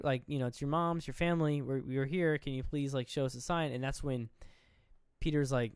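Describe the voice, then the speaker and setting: A young man recapping a horror film for his podcast co-host, telling it scene by scene. He slips into the characters' lines as he goes, in an easygoing, chatty way. His voice is smooth and clear, recorded close and dry. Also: fairly high pitch, moderate pace, no echo. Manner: animated retelling, acting out characters' lines. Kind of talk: casual movie recap chat.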